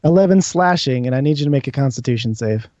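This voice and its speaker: A man's voice: medium pitch, animated, quick pace, warm tone, dry recording. A man narrating as game master, explaining rules and describing scenes patiently. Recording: dull lo-fi stream audio.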